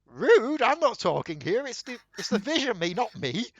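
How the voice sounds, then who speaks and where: A man's voice: very high voice, sing-song, moderate pace, no echo, voice pushed up, exaggerated voice. A man voicing a petulant, sarcastic devil figure in a tabletop game, in a whiny, theatrical way.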